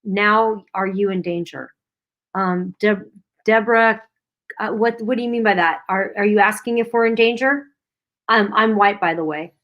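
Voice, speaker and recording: A woman's voice: medium pitch, normal speed, lo-fi sound. Chatty woman host reading viewer comments. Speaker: livestream co-host. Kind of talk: casual livestream chat.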